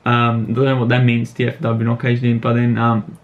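A man's voice: medium pitch, monotone, moderate pace, muffled recording. A young man casually reacting to a video about himself, laid-back and amused, with slangy chat.

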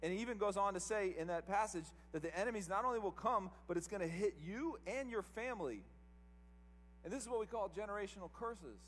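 A man delivers an emphatic sermon, his voice sitting high for a man. He keeps asking the congregation rhetorical questions. The church echoes long behind him, over a faint hum. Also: lively intonation, fairly quick, a bit bright. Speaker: pastor. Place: church service.

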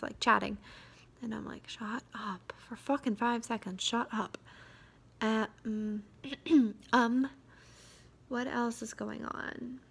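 A young woman vlogging in a quiet, hesitant way, tired and drained, with many fillers and sudden drops into a whisper. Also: fairly high pitch, gravelly. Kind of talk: confessional vlog.

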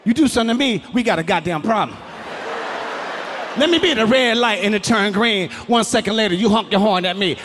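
Male stand-up comic on stage, high voice that jumps all over, yells the punchlines, crowd noisy behind him. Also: lively intonation, brisk. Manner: loud, profane, yelling punchlines. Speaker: stand-up comedian. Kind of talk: stand-up comedy routine. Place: comedy stage before a live audience. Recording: live crowd, noisy hall.

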